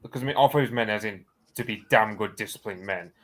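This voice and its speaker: A man's voice: fairly low pitch, quick pace, fairly bright tone. A man in a casual chat who thinks aloud, hesitant and full of fillers.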